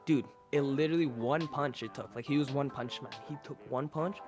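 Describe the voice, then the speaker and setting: A man's voice: mid-range voice, fairly quick, hardly any pauses, over music. A young man telling a story as a podcast guest in casual, rambling talk, full of swearing and "like" fillers. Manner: profane, rambling, with filler 'like'.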